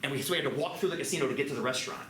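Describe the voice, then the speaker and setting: A man with a medium-pitched voice teaches a math class in a lively, joking way, tossing quick asides to his students. The mic is at a distance in a roomy classroom, with background noise.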